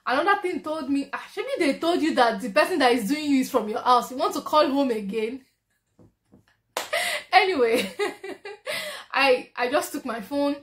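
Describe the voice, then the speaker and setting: Young Nigerian woman, high-pitched, lively storytime vlogger who laughs a lot. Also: unhurried, a little hiss or hum. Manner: animated storyteller, laughs often. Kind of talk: storytime vlog.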